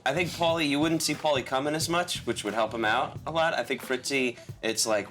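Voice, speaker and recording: A man's voice: mid-range voice, fairly quick, hardly any pauses, fairly bright tone, soft background music. A man co-hosting casual studio banter, wry and teasing. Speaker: co-host.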